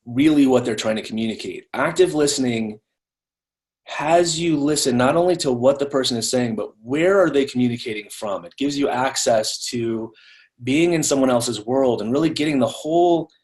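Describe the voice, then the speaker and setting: A man's voice: mid-range voice, normal speed, a little mellow. A man giving a live online training talk in a conversational way, often repeating words as he restarts.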